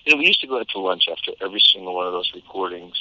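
Low-pitched and talking very fast, an American man who voices characters for a living chats through an interview on a thin, phone-like connection. He's a lively storyteller as a guest, breaking into laughter often and restarting his sentences again and again.

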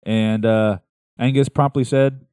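A man's voice: mid-range voice, steady tone, a little slow, mellow, clean tone, no room sound, studio quality. A man co-hosting a podcast, joking crudely and laughing often in casual banter. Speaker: podcast co-host.

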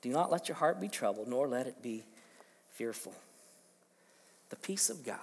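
Man, pastor, husky voice, emphatic sermon delivery, long church reverb. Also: medium pitch, big pitch swings, moderate pace. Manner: emphatic preaching with sudden swings in loudness and rhetorical questions. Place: church sanctuary.

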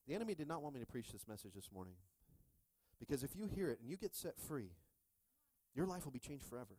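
A middle-aged man preaching a sermon with lively energy, often checking in with the congregation. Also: medium pitch, quick pace, no echo. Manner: energetic, repeatedly asking "are you with me?". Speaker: pastor.

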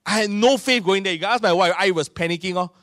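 Singaporean pastor preaching with animated storytelling. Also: male voice, sits high, fast talker, no echo, clean studio sound. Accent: Singaporean English. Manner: animated storytelling, acting out voices of people in his stories. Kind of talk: sermon.

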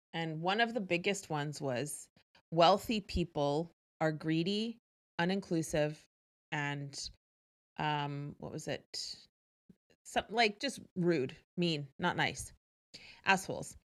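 A woman telling a personal story in a candid, energetic way, swearing freely. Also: on the low side. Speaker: host. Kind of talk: casual storytelling to an audience.

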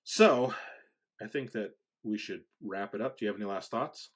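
A man's voice: fairly low pitch, normal speed, husky. A man co-hosting a podcast, chatting casually, laughing often and telling jokes. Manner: laughs often, quiet asides. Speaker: podcast co-host. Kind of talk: casual chat, joke telling.

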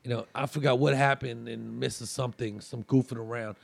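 A man's voice: medium pitch, steady tone, fairly quick, gravelly, slightly rough, no echo. A man telling a long story in casual chat, rambling with fillers and restarts.

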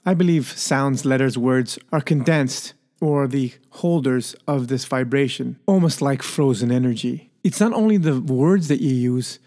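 On his solo podcast, a man muses playfully about word origins, coining his own words and laughing at them. His voice is medium-pitched and mellow.

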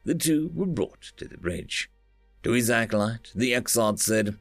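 Male storyteller, gravelly and animated, dry sound with faint music under. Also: mid-range voice, measured pace, no echo. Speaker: narrator. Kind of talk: storybook narration.

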